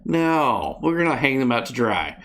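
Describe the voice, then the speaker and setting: A man's voice: medium pitch, big pitch swings, moderate pace, a bit bright. A man hosting a casual comedic news show, reading stories and adding sarcastic, exasperated asides.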